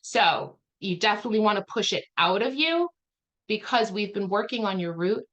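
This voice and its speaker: Chatty woman healer, rambling, says "like" a lot, mid-pitched voice. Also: lively intonation, moderate pace, fairly bright tone, muffled recording. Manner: chatty, rambling, lots of "like" fillers. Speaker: spiritual healer guest. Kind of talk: casual chat explaining a healing session.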